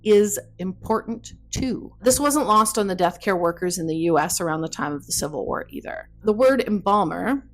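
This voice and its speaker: A woman's voice: medium pitch, lively intonation, normal speed, hardly any pauses. A woman hosting a podcast, reading a wry, explanatory script. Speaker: podcast host.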